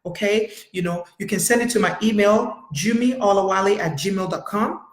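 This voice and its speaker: A woman's voice: mid-range voice, moderate pace. Emphatic woman therapist in an echoey room. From United States. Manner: emphatic, repetitive, directly addressing viewers. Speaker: therapist and weekly live-stream host. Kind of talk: live-streamed motivational talk.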